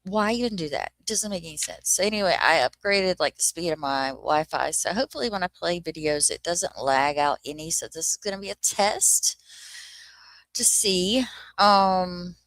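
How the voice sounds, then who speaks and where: A woman's voice: lowish voice, lively intonation, normal speed, a bit bright, dry recording. A woman chatting casually to viewers on a livestream, ranting and swearing freely, sometimes dropping to a whisper. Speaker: livestream host.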